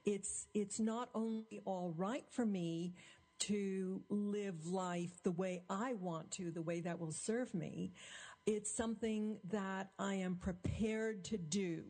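Woman interview host, unhurried speech, soft warm tone, thoughtful questions. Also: mid-range voice.

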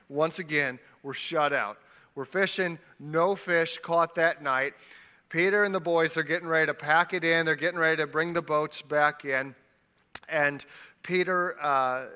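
A man preaching a sermon, retelling a story with lively voices for its people and dropping quiet for personal appeals. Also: on the high side. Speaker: pastor.

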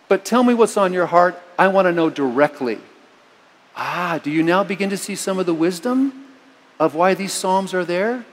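A middle-aged man preaching a sermon, telling a personal story with sudden loud, emphatic lines. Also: high-pitched. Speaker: pastor. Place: church. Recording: long reverb of a church hall.

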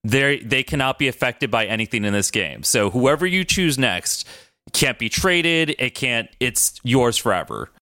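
A man's voice: medium pitch, unhurried, dry recording, clean studio sound. A man hosting a casual podcast, explaining game rules with frequent laughter. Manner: laughs often, loose and animated. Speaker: podcast host running the draft.

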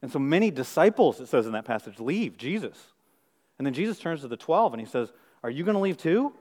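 A middle-aged male pastor preaching a sermon, firing rhetorical questions and swinging from hushed, intimate moments to loud emphasis. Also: medium pitch, sing-song, fairly quick, long reverb tail.

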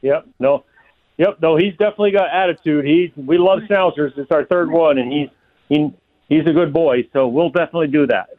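A man's voice: fairly high pitch, brisk, dry recording. A man calling into a radio show, answering with short, agreeable replies. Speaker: caller. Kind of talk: phone call to radio show. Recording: dry tinny phone line.

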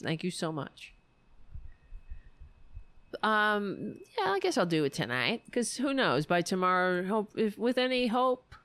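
A woman's voice: lowish voice, dry recording. A woman hosting a political podcast livestream, talking in a sarcastic, mocking and profane way, rambling and correcting herself as she goes.

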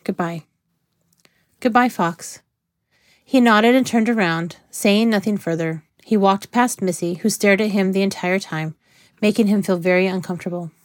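An audiobook narrator, a woman, reads a novel in scripted narration with a measured, even delivery. Her pitch is medium, and the studio-quality recording has no echo.

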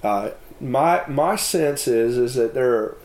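A man giving a personal testimony and reading scripture aloud, speaking haltingly with many fillers and restarts. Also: medium pitch, expressive, darkish tone. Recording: echoey room.

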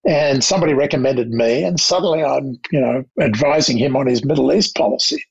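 Older Australian man, gravelly and husky, reflective interview guest, slightly dull recording. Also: medium pitch, lively intonation. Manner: anecdotal, measured, with restarts. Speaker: guest, diplomat.

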